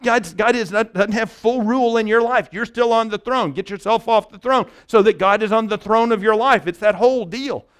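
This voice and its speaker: A man's voice: sits high, moderate pace, few pauses, fairly bright tone, smooth. A male pastor preaching a conversational sermon, often restarting phrases and checking in with "right?".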